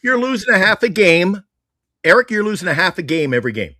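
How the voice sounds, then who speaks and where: Excitable ranting sports talk host. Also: medium pitch, quick pace, no echo, clean studio sound. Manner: excitable, ranting, often laughing. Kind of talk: live sports talk stream.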